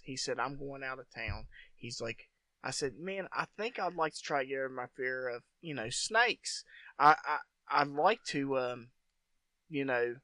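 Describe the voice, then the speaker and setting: A man's voice: medium pitch, unhurried, dry recording. A man telling a long story in a casual, profane chat, acting out what people said. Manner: profane, animated storyteller who acts out quotes.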